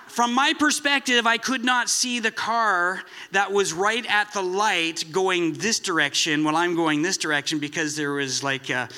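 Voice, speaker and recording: A man's voice: high voice, moderate pace, few pauses, pushed and bright, slight background noise. A man preaching a sermon in a chatty, self-deprecating storytelling way, with many restarts. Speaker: pastor.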